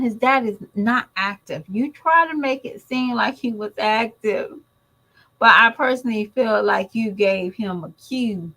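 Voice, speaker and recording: A woman's voice: on the high side, fairly bright tone, poor audio. A woman and mother giving blunt, emphatic commentary in a vlog, talking straight to her viewers.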